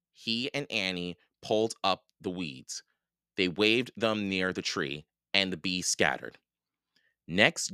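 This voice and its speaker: A man reading a children's storybook aloud in a slow, expressive way. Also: low-pitched, clear, resonant tone, dry recording, studio quality. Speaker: reader.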